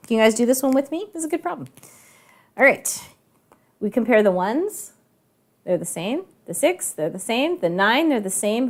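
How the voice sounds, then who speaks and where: A woman's voice: a little high, a little mellow. A woman teaching a live online math class, chatty and telling a story, often asking the kids questions.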